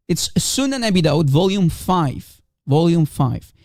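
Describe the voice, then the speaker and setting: Here a man with a fairly high voice, big pitch swings, and a darkish tone talks at a measured pace, captured in echo-free studio quality. He is a native Arabic speaker and religious debater streaming commentary, scornfully mocking and laughing at his opponent while repeating points emphatically.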